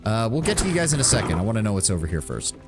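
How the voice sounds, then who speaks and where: A man's voice: on the low side, sing-song, rapid-fire. A man giving casual, rambling commentary while playing a game and thinking aloud. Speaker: streamer. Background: game music.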